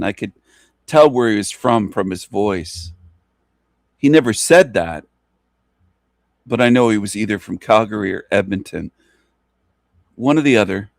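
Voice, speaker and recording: A man's voice: lowish voice, no echo. Taunting man ranting into a dry mic. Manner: taunting, contemptuous, repetitive. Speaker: channel host. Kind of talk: ranting monologue.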